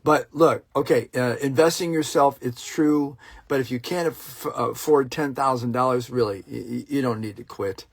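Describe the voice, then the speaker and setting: A man's voice: mid-range voice, moderate pace, creaky, no room sound. A middle-aged man who works as an actor, talking casually and bluntly to his viewers, heated and profane, breaking off to greet people in the chat. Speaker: working actor and online host. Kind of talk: casual livestream rant.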